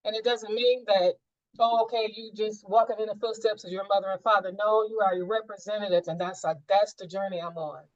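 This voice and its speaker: A woman's voice: medium pitch, steady tone, fairly quick, highs cut off. A woman sharing a personal experience in a group coaching session, reflective and searching, with many fillers.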